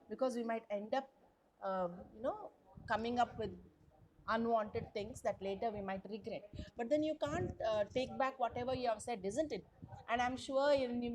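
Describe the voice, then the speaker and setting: A woman's voice: fairly high pitch, a little hiss or hum. A woman lecturer, teaching a college class over a video call in a chatty way, often asking the students questions. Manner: chatty, repeats words, asks the class questions. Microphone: computer mic on a video call.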